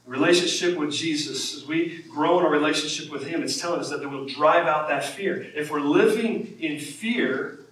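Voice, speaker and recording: A man's voice: on the high side, moderate pace, a bit bright. A man, a pastor, preaching a sermon in a conversational way that rises when he quotes scripture. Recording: echoey room from far off.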